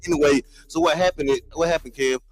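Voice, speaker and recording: A fairly high-voiced man taunts in a quiet, dismissive way. His voice sounds roomy, with clear crowd noise around him. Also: fairly even intonation, fast talker. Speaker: guest in a call-in debate. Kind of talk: heated livestream argument.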